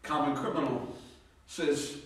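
A man preaching a sermon as pastor, moving between loud, emphatic passages and hushed, low ones, and reading scripture in a measured, deliberate cadence. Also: fairly even intonation. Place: church sanctuary. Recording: very echoey room, distant mic.

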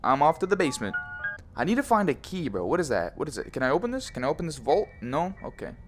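A man's voice: a little high, very animated, fast talker, faint music behind. A young man commenting on a horror VR game, joking, swearing and teasing, often saying bro. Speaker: gaming YouTuber.

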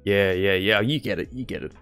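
A man's voice: fairly low pitch, a little fast, a bit bright, smooth, faint music behind. A young man chatting casually with his live-stream chat while he studies medicine. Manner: casual, chatty, laid-back slang.

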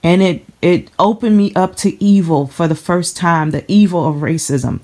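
A woman from the Chicago area giving a personal testimony to camera, earnest and halting, often repeating herself as she holds back emotion. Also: lowish voice, a little mellow.

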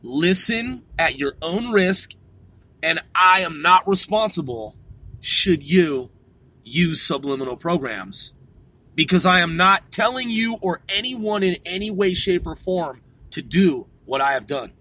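Slow, husky man talking to viewers. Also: high-pitched, animated, pushed and bright, low-quality recording. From a small country town on the West Coast. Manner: slow, deliberate, repeats and rephrases himself, formal disclaimers. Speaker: channel host. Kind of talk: rambling monologue to viewers.

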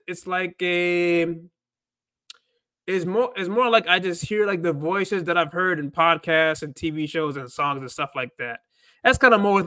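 Man, fairly high voice, casual livestream host, rambling, thinking out loud. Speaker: livestream host and Spanish learner.

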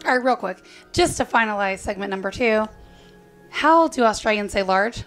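A woman's voice: medium pitch, expressive, normal speed, a bit bright, faint music behind. Friendly woman co-hosting a talk show. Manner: friendly, laughing, asking questions. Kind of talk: casual radio talk.

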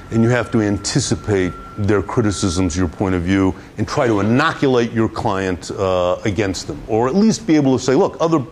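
A man giving a guest lecture on public relations to students, telling an animated anecdote in a classroom and often repeating and restarting his words. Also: on the low side, a little hiss or hum.

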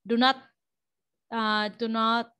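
A woman's voice: on the high side, little pitch movement, takes it slowly, bright, forceful tone, clean tone. A woman teacher giving a classroom lecture, explaining step by step with frequent restarts and checks of "okay".

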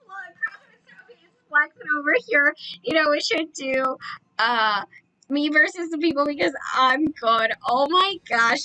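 A young woman live-streaming a racing game, talking with the chat and repeating excited exclamations as she plays. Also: sits high, low-quality recording. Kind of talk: excited gameplay commentary.

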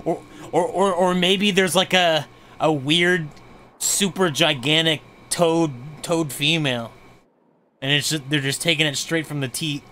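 A man's voice: fairly high pitch, fairly even intonation, a little slow, pushed and bright, a little hiss or hum. A young man streaming a video game, rambling and joking with stammered restarts. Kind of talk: casual game commentary.

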